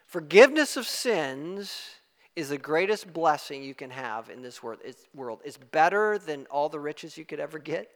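A man preaching a sermon, emphatic and rising to loud exclamations. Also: fairly high pitch, expressive, moderate pace. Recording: long hall reverb.

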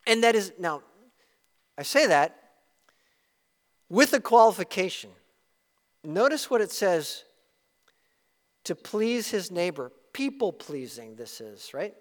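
A man's voice: high voice, big pitch swings, takes it slowly, pauses often, long reverb tail. A man preaching a sermon as pastor, earnest and emphatic, with rising bursts of emphasis.

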